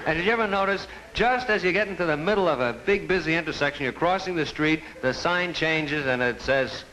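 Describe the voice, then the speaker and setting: A male stand-up comedian telling deadpan stories, heard on an old TV broadcast. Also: on the high side, fairly quick, rough recording. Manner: deadpan storytelling, acts out sign voices. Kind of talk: stand-up routine.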